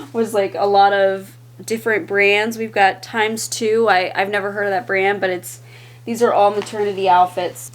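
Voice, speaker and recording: A woman's voice: mid-range voice, a little hiss or hum. Chatty woman vlogging at home. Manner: chatty, rambling, with fillers and restarts; laughs easily. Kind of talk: casual vlog chat to camera. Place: indoors at home.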